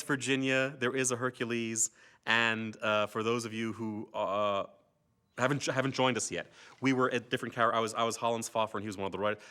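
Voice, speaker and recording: An older actor reminiscing casually about his years on a TV series, an animated storyteller who slips into comic voices. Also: mid-range voice.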